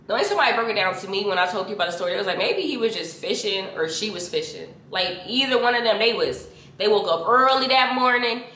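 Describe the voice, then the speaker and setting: Bright-voiced young woman, animated storytime chat. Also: mid-range voice, fast talker, slight background noise. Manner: animated, slangy, addresses viewers as y'all. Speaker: vlogger telling a story. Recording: roomy echo.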